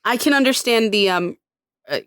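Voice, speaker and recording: Podcast co-host, woman, chatty and thinking aloud, a touch higher voice, dry close sound. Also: normal speed, a bit bright, clean tone, no echo. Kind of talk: casual chat.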